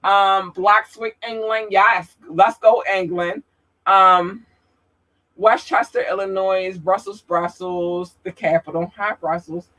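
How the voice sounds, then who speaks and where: A woman podcast host works through a long list of listener towns at an unhurried pace. She says each place name carefully and apologizes when she thinks she got one wrong. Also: mid-range voice, steady tone, a bit bright. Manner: slow, careful, apologetic about pronunciation. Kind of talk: reading out listener locations.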